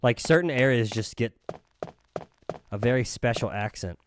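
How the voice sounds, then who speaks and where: A man's voice: medium pitch, moderate pace, a little hiss or hum. A man from the Philadelphia area streaming a game, chatting casually, joking, swearing a lot, and rambling. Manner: profane, joking, rambling, humming to himself. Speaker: gaming streamer. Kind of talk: casual live-stream chat over gameplay. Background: game music.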